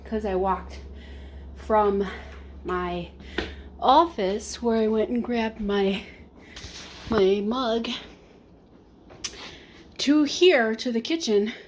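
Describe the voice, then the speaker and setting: A woman's voice: on the high side, extremely slow, long pauses, a little hiss or hum. A young woman rambling casually to the camera while she cooks, a little out of breath. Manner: rambling, chatty, self-talking while cooking. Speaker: vlogger. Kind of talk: casual cooking vlog chat.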